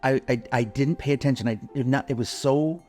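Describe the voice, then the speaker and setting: Male co-host, excitable casual storyteller, mid pitch, faint music under him. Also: a little fast. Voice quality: animated, swearing, laughing storyteller. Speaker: podcast co-host, advertising consultant. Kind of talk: casual chat.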